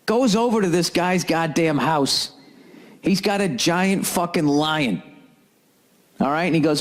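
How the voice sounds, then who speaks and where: A man ranting as a comedian and podcast host, telling a story in an animated, profanity-heavy way. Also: fairly high pitch, normal speed.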